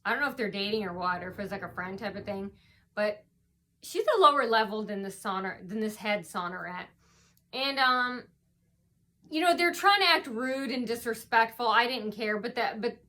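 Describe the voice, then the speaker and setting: Woman rambling through a story at home, fairly high voice, really bright and sharp. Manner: rambling and hesitant, many ums and restarts. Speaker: vlogger. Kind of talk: casual storytelling monologue.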